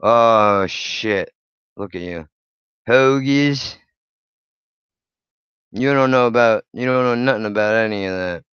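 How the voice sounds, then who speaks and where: A man's voice: on the low side, takes it slowly, pauses often, fairly bright tone, clear, resonant tone, no echo, highs cut off. A man hosting his channel, reacting to videos with blunt, profane, sarcastic commentary. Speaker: channel host.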